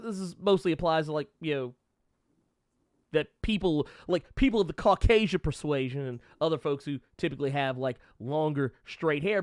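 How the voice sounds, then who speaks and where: A man's voice: on the high side, dry recording, studio quality. A man co-hosting a podcast, chatting casually about a movie with a joking, profane manner and many restarts. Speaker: podcast co-host. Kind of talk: casual movie review chat.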